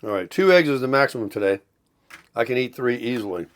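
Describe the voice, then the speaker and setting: A man's voice: mid-range voice, lively intonation, fast talker, slight background noise. A middle-aged man chatting casually to viewers while cooking breakfast in his kitchen, rambling from one thing to the next. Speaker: vlogger. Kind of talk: casual morning vlog chat. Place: home kitchen, RV.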